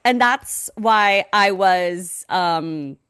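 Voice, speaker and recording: A pregnant woman co-hosting a podcast in casual chat, animated and quoting herself in lively voices. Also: mid-range voice, extremely slow, smooth, no room sound, clean studio sound. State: pregnant, recovering from sickness. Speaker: podcast co-host.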